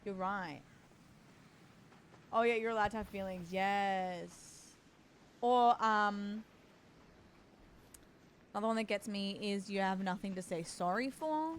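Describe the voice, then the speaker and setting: A woman's voice: medium pitch, takes it slowly, long pauses, a little hiss or hum. A woman livestreaming a game, chatting casually and reassuringly with her viewers. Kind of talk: casual gaming stream chat.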